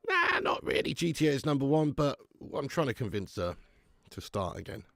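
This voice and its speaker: A man's voice: medium pitch, huge pitch swings, a little fast, vocal fry, fairly bright tone, dry recording, clean studio sound. A man hosting a live football watch-along, sick with flu, talking bluntly and swearing as he banters with viewers. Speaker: football fan channel host.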